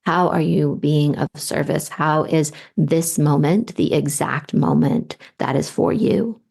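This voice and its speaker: Woman host, low gravelly voice, slow, soft-spoken intuitive reader. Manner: soft, unhurried, with light laughs. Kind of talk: slow, spiritual guidance reading.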